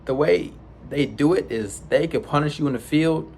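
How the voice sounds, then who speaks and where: A young man casually recounting his own experience in a vlog, rambling with restarts and sound effects like "boom". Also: moderate pace, vocal fry, darkish tone, slight background noise. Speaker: vlogger. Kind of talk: casual storytelling.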